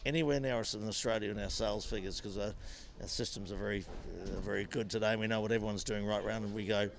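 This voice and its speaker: Older Kiwi ex-racer telling stories. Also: male voice, on the low side, fast, creaky, slight background noise. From New Zealand. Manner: animated anecdotes with frequent restarts. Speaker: former motorcycle racer and businessman. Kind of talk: interview, storytelling.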